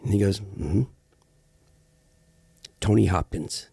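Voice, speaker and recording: Deep, gravelly, and husky, a middle-aged man speaks slowly with no echo. He's an actor appearing as a guest in a casual interview, telling lively stories and acting out the people he quotes.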